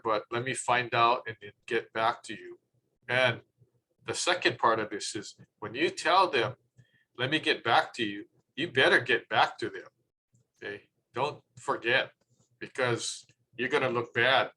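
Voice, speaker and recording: Guy teaching public speaking, bright voice, chatty, acts out quotes, faint room hum. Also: mid-range voice, low-quality recording. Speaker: presenter.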